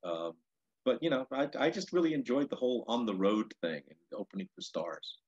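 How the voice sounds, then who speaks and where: A man's voice: medium pitch, sing-song, fairly quick, a little mellow, slightly rough, dull audio. A male stand-up comedian recounting his career in a rambling, casual way, full of restarts and 'you know'. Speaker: stand-up comedian, interview guest. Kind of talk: casual storytelling.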